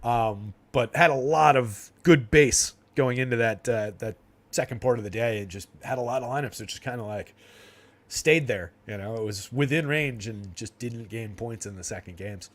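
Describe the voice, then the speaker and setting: A young man hosts a fantasy sports livestream in an easygoing, rambling way. He laughs often and fills pauses with ums and likes. His voice sits at an ordinary middle pitch. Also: fairly bright tone. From New Jersey. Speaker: fantasy sports stream host. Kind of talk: casual livestream chat.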